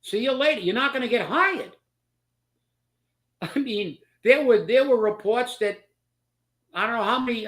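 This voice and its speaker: A man's voice: high voice, bright, forceful tone. A man hosting a political commentary show, talking in a sarcastic, mocking way and laughing as he makes his points.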